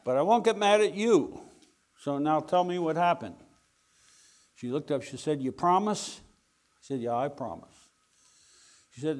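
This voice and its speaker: An older man telling a wry, animated anecdote to an audience, acting out the dialogue as he goes. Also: medium pitch. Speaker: speaker telling a story to an audience. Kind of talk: anecdotal storytelling talk.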